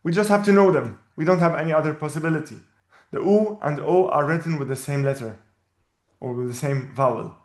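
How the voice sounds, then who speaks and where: Patient Arabic teacher in an echoey room. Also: male voice, on the high side, a little mellow. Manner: patient, repeats each word slowly. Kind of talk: language lesson. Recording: roomy echo.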